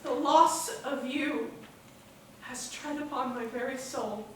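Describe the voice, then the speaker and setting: A woman playing a heartbroken young man on a theater stage, mournfully declaiming verse. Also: high-pitched. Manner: slow, mournful, poetic declamation. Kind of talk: live stage drama. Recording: echoey theater from far off, faint hum.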